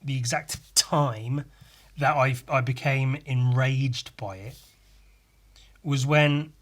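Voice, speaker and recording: This man's voice is a little bright and medium in pitch, with fairly even intonation and an unhurried pace. He's a podcast host from England with an English accent, doing a casual solo rant full of sweary, sardonic, mock-outraged remarks.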